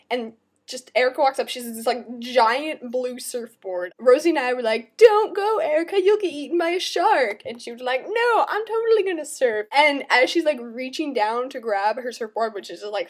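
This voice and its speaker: A young woman with a fairly high voice talks to her camera in a loose, chatty vlog style. She tells the story with a lot of "like", quick asides and some playful mock-stern remarks. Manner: chatty and animated, heavy use of "like". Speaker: vlogger in a group channel.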